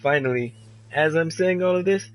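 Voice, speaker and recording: A young man casually telling a story while playing a game, animated and profane, full of filler words. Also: on the high side, normal speed, faint music behind, rough recording. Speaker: streamer.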